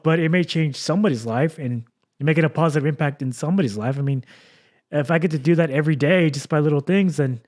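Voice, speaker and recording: A man from Texas hosting a casual podcast chat, talking in an earnest, rambling way full of fillers. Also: fairly high pitch. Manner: rambling, earnest, heavy with fillers like "like" and "you know". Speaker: podcast host.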